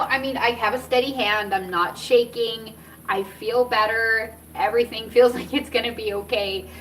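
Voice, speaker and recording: A woman's voice: a little high, sharp tone. A middle-aged woman vlogger chatting casually to camera, rambling and laughing often. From United States. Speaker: cannabis vlogger. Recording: from a little distance, faint background noise.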